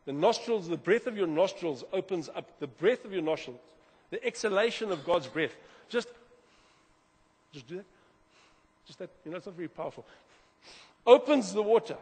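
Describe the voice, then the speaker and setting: A man preaching a sermon as pastor, animated, repeating words and swinging from loud to quiet. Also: high-pitched, moderate pace, slightly rough. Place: church hall. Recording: long hall reverb.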